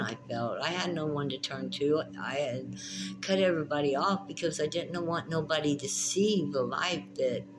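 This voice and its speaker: Passionate woman tarot reader, noisy recording. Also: extremely low pitch. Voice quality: passionate, emphatic, repeats phrases. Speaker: tarot reader and spiritual teacher. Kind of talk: spiritual tarot vlog.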